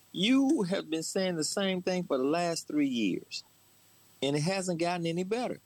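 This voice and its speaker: A man co-hosting a casual sports talk show, animated and agreeable, with frequent quick affirmations. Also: sits high, no echo. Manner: animated, agreeable, backchannels often.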